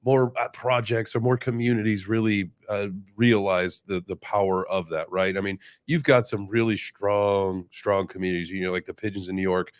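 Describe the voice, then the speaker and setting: A man's voice: lowish voice, fairly even intonation, normal speed, hardly any pauses, dry recording, studio quality. A man hosting a podcast, talking loosely with lots of fillers and the odd swear word. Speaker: podcast host. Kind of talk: casual podcast conversation.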